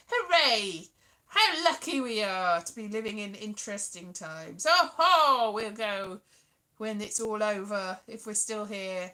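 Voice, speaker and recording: A woman's voice: mid-range voice, lively intonation, slow, sharp tone. A middle-aged woman chatting casually on her own to camera, rambling and playful, sometimes slipping into sing-song asides. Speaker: vlogger. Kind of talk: casual solo chat to camera.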